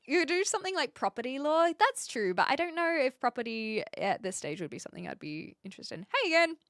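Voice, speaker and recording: A woman streamer chats casually with her audience, musing aloud and laughing easily. Her voice sits a little high and swings widely in pitch. The sound is close and dry. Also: sing-song, fast talker, fairly bright tone, no echo. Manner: chatty and thinking aloud, laughs often. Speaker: live streamer. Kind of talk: casual live-stream chat, reading chat messages.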